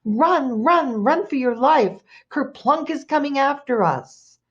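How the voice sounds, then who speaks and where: A woman voicing an excitable treetop monkey in a told folktale. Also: medium pitch, measured pace, muffled recording. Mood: frantic.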